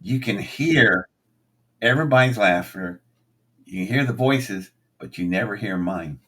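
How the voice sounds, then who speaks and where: A man's voice: lowish voice, expressive, measured pace, bright, forceful tone. An older man, a guest, telling stories in casual conversation and acting out the lines he quotes.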